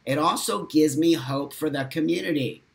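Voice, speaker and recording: A man's voice: fairly high pitch, moderate pace, creaky. A middle-aged man hosting a casual livestream, reading out viewer comments and answering them in an emphatic, blunt way, swearing freely and laughing often. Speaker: host.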